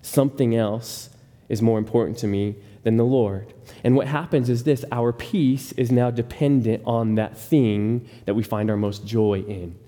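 A man's voice: mid-range voice, fairly even intonation, measured pace, warm tone. A man preaching a sermon as a pastor, speaking earnestly and often repeating words as he starts a thought. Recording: long hall reverb.

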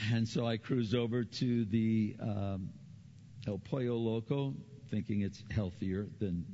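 A middle-aged male pastor preaching with a gravelly, creaky edge to a mid-pitched voice. He tells stories earnestly, repeats his key phrases, and his pitch climbs when he gets animated. The recording is slightly dull, with faint noise underneath. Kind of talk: sermon.

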